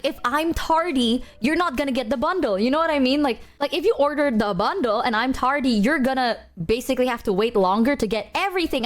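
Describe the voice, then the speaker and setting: A woman streamer chatting casually to her viewers, ranting emphatically and swearing often. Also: high voice.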